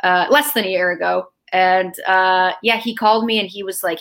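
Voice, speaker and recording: A woman being interviewed, telling a family story in a lively, chatty way and acting out the quoted lines. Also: lowish voice, fast talker, hardly any pauses, low-quality recording. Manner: animated, acts out quoted dialogue.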